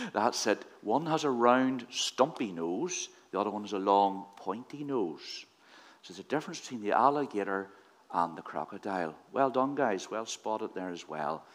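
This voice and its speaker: Leading a children's talk in church, a man speaks at a measured pace in a fairly low, animated voice with a fairly bright tone. He's playful and quizzes the children.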